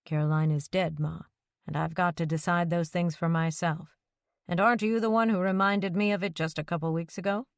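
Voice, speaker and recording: Woman narrating as a steady, plain-spoken widower, low-pitched, calm and terse, firm under pressure, in a dry close recording. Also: a little fast, no echo, natural voice. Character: quiet, steady widowed man, stubborn when pushed.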